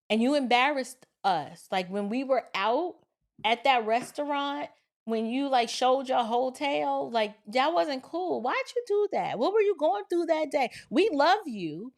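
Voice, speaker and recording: Woman commentator, high-pitched, very animated, preachy. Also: normal speed. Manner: preachy, animated, slips into voices of friends. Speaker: commentary host. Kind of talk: opinion commentary.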